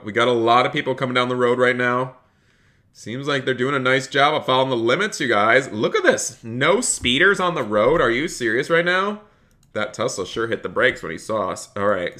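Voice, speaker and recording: A man's voice: mid-range voice, sharp tone. A man live-streaming a police role-play game, reading viewers' chat aloud and answering them while he plays.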